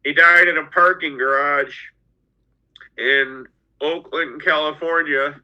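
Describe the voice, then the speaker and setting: A middle-aged man telling his own story as a podcast guest, halting and often repeating his words. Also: a little high, fairly even intonation, pushed and bright. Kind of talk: personal storytelling. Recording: dull lo-fi audio.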